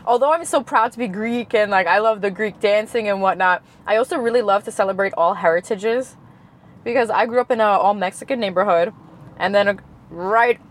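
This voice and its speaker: A woman from Queens, New York, chatting as a guest, an animated storyteller who acts out the dialogue in her stories and laughs often. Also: mid-range voice, brisk, rough recording. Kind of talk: casual chat. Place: in a car.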